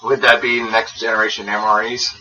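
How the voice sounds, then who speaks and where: A man's voice: brisk, muffled recording. Profane riffing man, distant and noisy. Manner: profane, absurd riffing, sudden squeaky outbursts. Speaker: podcast co-host. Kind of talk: casual chat. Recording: distant mic with steady noise.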